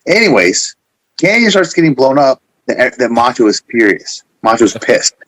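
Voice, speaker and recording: Guy on a podcast rambling thru old stories, does the voices, dry close sound, normal pitch. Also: normal speed, no room sound, poor audio. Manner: rambling, animated storyteller acting out quotes. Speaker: guest. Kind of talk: casual storytelling.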